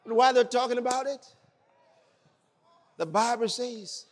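A man preaching a sermon, exuberant and shouting out his exclamations. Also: very high-pitched, normal speed. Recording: long hall reverb.

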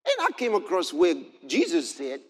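A man preaching a sermon, telling a personal story and reading scripture, building to impassioned shouts. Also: high-pitched, huge pitch swings, normal speed.

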